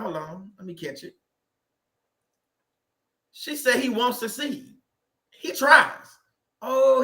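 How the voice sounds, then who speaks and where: A man's voice: high-pitched, bright, forceful tone, reverberant. A man hosting a faith channel, preaching casually from a desk to a live chat, emphatic and repetitive, reading out viewer comments. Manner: emphatic, repeats phrases, reads out viewer comments. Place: indoor room at a desk.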